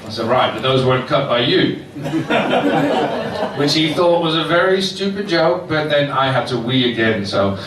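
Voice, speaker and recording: Crowd noise and laughter surround an older man doing a self-mocking stand-up set in an underground comedy club, where he chuckles at his own material. His fairly high voice is animated but a little slow, captured distantly by an echoey club mic.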